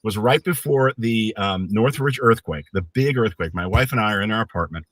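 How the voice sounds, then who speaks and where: A man's voice: on the low side, moderate pace, dry recording. A middle-aged man, a guest on a casual live stream, telling anecdotes with animation and acting out the voices in them. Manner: animated storyteller who acts out the voices in his anecdotes.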